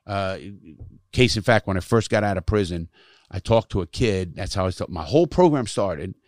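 A man's voice: sits low, animated, normal speed, a little mellow, no echo, clean studio sound. A middle-aged man telling stories from his life in casual conversation, blunt and emphatic, cursing often to stress his points. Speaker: guest, former prisoner who speaks to youth.

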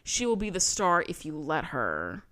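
A woman's voice: deep voice, wildly swooping pitch, normal speed, sharp tone, dry recording, clean studio sound. A woman co-hosting a podcast, recapping a TV episode in casual chat with sarcastic, slangy asides. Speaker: podcast co-host.

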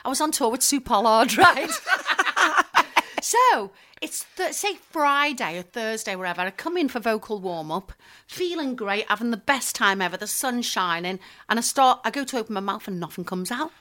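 A woman in her fifties with a Liverpool accent, a stage actress and singer telling lively stories as an interview guest and laughing easily. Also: on the high side, normal speed. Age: 50s. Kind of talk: casual chat interview.

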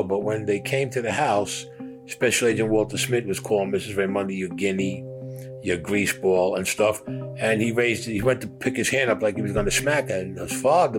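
A man in his sixties telling his own story in a heated, profane way, acting out what others said. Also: lowish voice. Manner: profane, heated, acts out quotes. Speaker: interviewee recounting his past. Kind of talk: casual storytelling.

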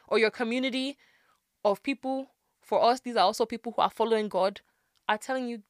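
Woman, podcast co-host, earnest, emphatic, mid pitch, dry sound. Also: moderate pace, a bit bright, no echo. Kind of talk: casual chat.

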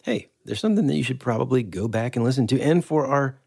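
A man's voice: medium pitch, lively intonation, fast, creaky, darkish tone, dry recording, clean studio sound. A man co-hosting a casual podcast, rambling and searching for words as he teases his partner. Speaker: podcast co-host.

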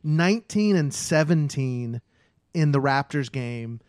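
A man co-hosting a casual sports podcast, rattling off stats quickly and emphatically. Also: mid-range voice, animated, a little mellow, no echo, studio quality. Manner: quick, stat-heavy, emphatic. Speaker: podcast co-host.

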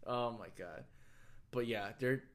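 Brief: young Texan guy, loose and profane, easy laugh, mid-pitched, casual podcast banter. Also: slow. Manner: laid-back, profane, laughs easily. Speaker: podcast co-host. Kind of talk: casual chat.

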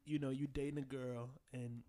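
A man's voice: medium pitch, little pitch movement, normal speed, mellow. A man co-hosting a podcast, joking crudely with friends and insistently repeating his questions to the group. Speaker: podcast co-host posing discussion questions. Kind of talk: casual chat.

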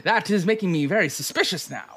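A man's voice: sits high, lively intonation, pushed and bright, husky, voice pushed up, exaggerated voice. A man voicing a suspicious, pompous holy banana paladin who calls things evil. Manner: indignant, quick to call things evil.

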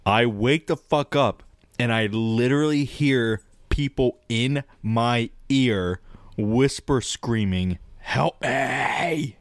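A man in casual podcast chat, rambling and swearing as he tells an animated story about dreams. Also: medium pitch, slow, clear, resonant tone, no room sound. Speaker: podcast co-host.

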